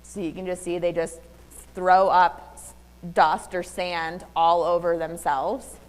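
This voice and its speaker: A woman giving an animated, chatty talk at a public library, now and then slipping into a high baby voice. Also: slow pace, clean tone, long reverb tail. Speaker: library presenter. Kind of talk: community talk with slides. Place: public library meeting room.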